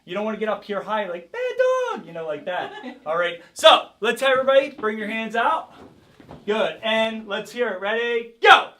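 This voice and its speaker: A man's voice: sits high, moderate pace, sharp tone. A man teaching a self-defense class as karate instructor, coaching a group with energy and calling out drills. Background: group of participants.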